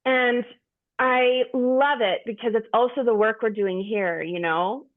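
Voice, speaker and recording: A woman's voice: on the high side, fairly even intonation, a little slow. A middle-aged woman candidly sharing personal stories with a group, frank and profane, rambling with restarts. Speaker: group participant. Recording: tinny phone-like sound.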